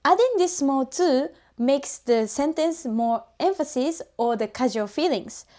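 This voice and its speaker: Woman teacher, fairly high, mellow voice, patient step-by-step explainer. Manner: patient, methodical explaining with spoken examples. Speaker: language teacher.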